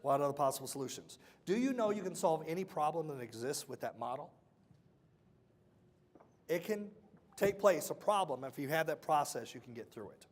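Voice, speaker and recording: Young guy running a motivational workshop, kinda high voice, keeps asking the crowd questions. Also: expressive, normal speed. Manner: quizzes the audience with call-and-response questions. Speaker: workshop speaker.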